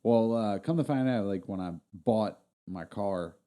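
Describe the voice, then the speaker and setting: A man's voice: lowish voice, a little slow, mellow. A man co-hosting a casual podcast, talking in a laid-back, rambling way with lots of fillers. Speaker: podcast co-host. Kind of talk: casual chat.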